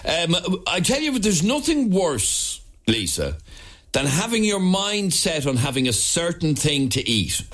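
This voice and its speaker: An Irish man hosting a radio phone-in show, chatting in an animated, emphatic, jokey way. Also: fairly high pitch, a little slow. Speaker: radio talk show host. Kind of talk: casual radio phone-in chat. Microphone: studio microphone.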